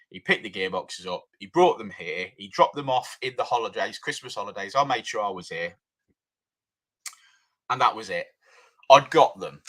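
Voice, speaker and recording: A middle-aged man tells a story casually, with a pitch that rises and falls a lot. His voice has a bright, forward edge, and he acts out both sides of each conversation. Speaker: tuning shop owner.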